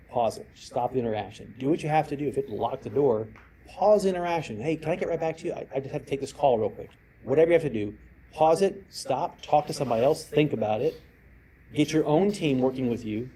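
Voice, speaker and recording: Give me a man giving a security talk to an audience, mellow and relaxed, telling anecdotes. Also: a little high, low-quality recording. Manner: storytelling, acts out quoted voices. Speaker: cybersecurity speaker. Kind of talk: conference talk. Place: presentation room.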